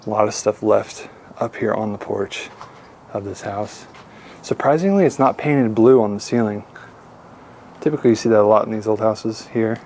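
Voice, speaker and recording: A man's voice: on the low side, moderate pace, darkish tone, slight background noise. A man narrating his urban exploration vlog outdoors, eager and guiding viewers along. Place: outdoors at an old house.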